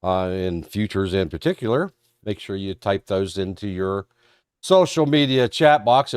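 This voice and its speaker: Folksy stream moderator, stuffed up from a cold, low-pitched, recorded dry and close. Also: male voice, clean tone, no echo. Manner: folksy, rambling, self-deprecating. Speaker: trading show moderator. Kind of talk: live-stream market talk.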